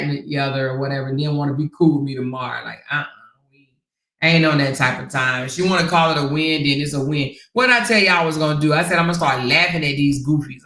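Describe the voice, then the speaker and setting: A woman hosting her own stream, talking bluntly and swearing freely to her viewers, with laughter breaking in often. Her voice is sharp and bright, and it bounces around an echoey room. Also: deep voice. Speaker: channel host. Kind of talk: casual live-stream commentary.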